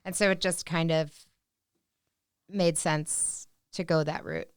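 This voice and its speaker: A woman guest on a casual podcast, speaking earnestly with halting "um"s and "uh"s. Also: sits low, steady tone, clear, resonant tone, dry recording, studio quality. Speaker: guest, dog rescue founder. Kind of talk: casual chat.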